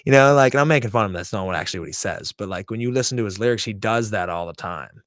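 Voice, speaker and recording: A man with a fairly low voice hosts a live stream in casual chat. He rambles bluntly and swears freely. The recording is dry and close. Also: very fast, dry recording. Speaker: podcast host.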